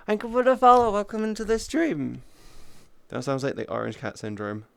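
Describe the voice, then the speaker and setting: A man's voice: high voice, big pitch swings, moderate pace, gravelly, a bit bright, clear, resonant tone, dry recording. A man livestreaming in VR, chatting casually with viewers in crude, profane, joking banter. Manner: greets and thanks chat viewers.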